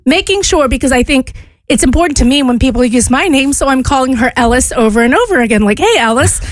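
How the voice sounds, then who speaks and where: A woman with a light Southern accent tells a self-mocking story on a radio show. Her voice sits high. It sounds dry and close in the studio. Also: no echo. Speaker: radio co-host. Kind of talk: casual storytelling.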